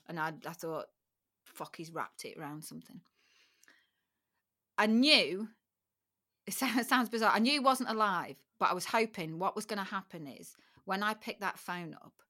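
A woman's voice: on the low side, pushed and bright. A middle-aged woman, a podcast guest, recounting a personal story candidly and emotionally, with frequent restarts and occasional swearing.

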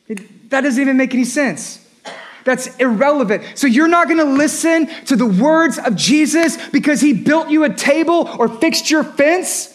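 A man's voice: very high voice, lively intonation, normal speed. A man preaching a sermon as a pastor, emphatic and repetitive, rising and dropping his voice for effect.

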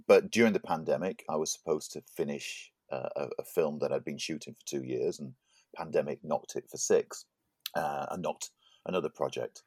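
A man's voice: a bass voice, moderate pace, darkish tone, breathy edge, no room sound, clean studio sound. A man co-hosting a podcast in casual chat, laughing often and tripping over his words. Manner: chatty, laughs often, stumbles and repeats words. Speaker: podcast co-host.

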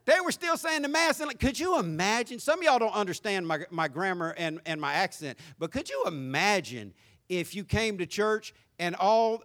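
A man in his fifties with a Southern accent, preaching a sermon and telling his own story in a folksy, animated way, swinging from loud to quiet. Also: high-pitched. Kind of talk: sermon with personal testimony.

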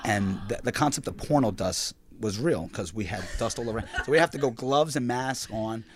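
Animated New man telling stories. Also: medium pitch, moderate pace, a little hiss or hum. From Queens, New York. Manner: animated, profane, acts out voices in stories. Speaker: podcast guest, film screening organizer. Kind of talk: casual chat, storytelling.

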